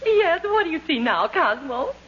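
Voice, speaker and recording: An actress playing a fussy, doting wife who gushes and weeps, in 1940s radio comedy acting. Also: female voice, sits high, sing-song, moderate pace, fairly bright tone. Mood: weepy. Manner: gushing and tearful. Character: fussy, doting middle-aged wife, given to weepy melodrama. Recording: dull, lo-fi old radio broadcast with faint hiss.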